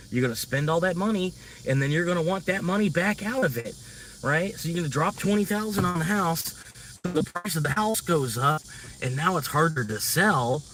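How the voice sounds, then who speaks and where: A man's voice: a little high, fairly bright tone, far from the mic, a little hiss or hum. A man livestreaming a casual, rambling, profane rant about work and money. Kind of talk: casual venting monologue.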